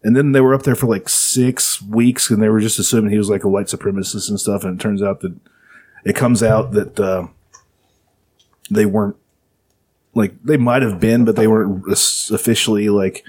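A man's voice: lowish voice, fairly even intonation, normal speed, a little mellow. A man casually retelling a story to friends, rambling with lots of fillers and swearing. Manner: rambling, profane, filler-heavy.

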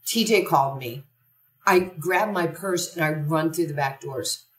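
Low-voiced woman telling a story in an echoey room. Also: a little slow. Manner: animated, acts out quoted dialogue. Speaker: podcast guest. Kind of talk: conversational storytelling. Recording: roomy echo from a distant mic.

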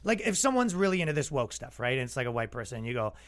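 A man's voice: medium pitch, sing-song, fast. A man hosting a comedy podcast, ranting casually in an exasperated, sarcastic way. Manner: exasperated, sarcastic, acts out quoted voices.

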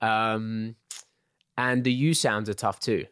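A young man with an English accent, chatting casually as an interview guest, relaxed and quick to laugh with lots of fillers. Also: on the low side, clean tone, no room sound, clean studio sound. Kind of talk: casual chat.

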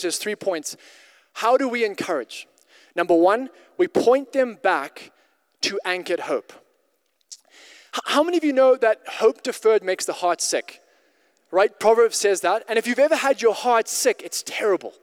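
A man preaching a conversational sermon as pastor, often restarting and repeating words for emphasis. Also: sits high. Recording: long hall reverb.

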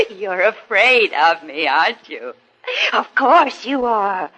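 An unhinged, menacing sister. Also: female voice, high-pitched, lively intonation, sharp tone, heavily acted, low-quality recording. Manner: halting, then gloating and menacing. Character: unhinged, hate-filled younger sister with a knife. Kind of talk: 1950s radio drama acting.

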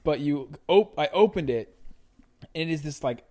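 A man's voice: fairly high pitch, animated, moderate pace, mellow. Chatty male podcast host who laughs often. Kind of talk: casual sports podcast chat. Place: Dallas area.

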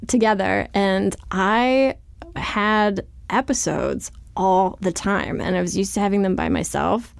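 A woman's voice: mid-range voice, a little slow, creaky, clear, resonant tone, no room sound. A woman author speaking as an interview guest, chatty and candid, scattering "like" through her sentences with a wry, self-deprecating humor.

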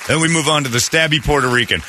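A man's voice: a little high, rapid-fire, sharp tone, slight background noise. A man hosting a morning radio show, bantering in a brash, joking way. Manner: brash, joking, slips into mock voices.

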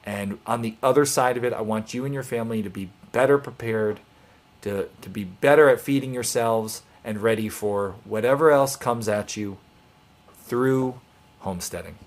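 A man's voice: medium pitch, moderate pace. A man hosting a live online homesteading show, talking casually and earnestly to viewers with encouraging, rambling speech and restarts.

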